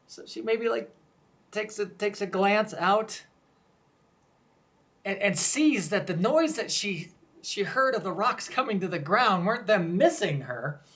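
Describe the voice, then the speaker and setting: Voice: mid-range voice, fairly bright tone. A pastor giving a conversational Lenten sermon, retelling scripture scenes vividly and inviting listeners to picture them.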